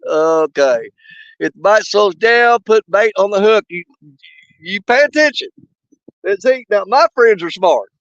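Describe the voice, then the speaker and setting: A middle-aged man hosting a fishing channel, chatting casually while sick with a cough and fever, folksy and quick to laugh. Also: high voice, lively intonation, no echo. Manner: folksy, laughs often, drawn-out shoutouts. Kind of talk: casual live chat shoutouts. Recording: dull, dry, lo-fi sound.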